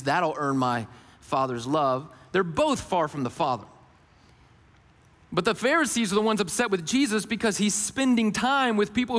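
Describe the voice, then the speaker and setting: A man preaching a sermon as a pastor, earnest, rising on questions and dropping low to stress a point. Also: fairly bright tone, big-room sound. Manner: earnest, rises for questions and drops low for emphasis.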